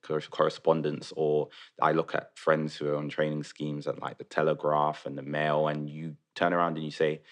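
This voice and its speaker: A man's voice: very deep voice, completely flat delivery, normal speed, few pauses. A young man in his twenties, a newspaper journalist, talking in a casual round-table chat. He sounds upbeat and rambles with many "you know"s. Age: 20s. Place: kitchen table.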